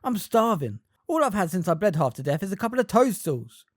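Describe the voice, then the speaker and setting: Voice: medium pitch, steady tone, quick pace, darkish tone, no room sound, clean studio sound, voice pushed up, close to an everyday voice. A fan reader voicing a hungry, irritable teenage boy wizard with a whiny, snappish delivery.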